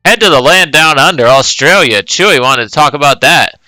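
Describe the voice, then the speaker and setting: Bright, crisp-voiced male game commentator. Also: on the high side, lively intonation, moderate pace, dry recording, poor audio. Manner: casual, play-by-play calling of moves. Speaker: tournament commentator.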